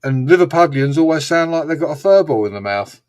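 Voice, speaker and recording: A man's voice: fairly high pitch, expressive, brisk, a little mellow. A man hosting a casual live-stream chat, rambling, swearing freely and mimicking regional accents. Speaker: host.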